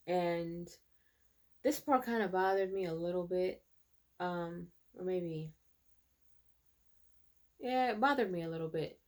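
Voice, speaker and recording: A woman's voice: on the low side, slow pace, long pauses. A woman in a casual episode recap, chatty and hesitant with many fillers. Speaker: show reviewer.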